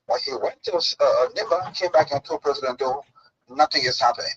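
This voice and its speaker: Brief: husky male guest, dramatic storyteller, dull broadcast sound. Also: on the high side, a little fast. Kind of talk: casual chat, storytelling.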